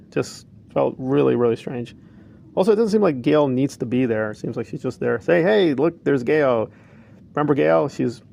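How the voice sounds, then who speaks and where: Guy ranting casually about a trailer, mid-pitched, bit of fry in the voice. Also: a little mellow, a little hiss or hum. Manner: opinionated, rambling, with frequent asides. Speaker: film reviewer. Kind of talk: casual reaction commentary.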